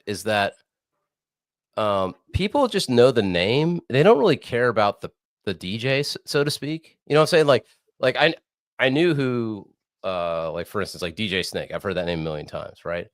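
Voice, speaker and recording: Young male co-host, very low and lively pitch, hoarse, profane rambler on a dry call line. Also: no room sound. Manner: rambling, profane, laid-back. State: hoarse from screaming. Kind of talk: casual podcast chat. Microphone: remote video call.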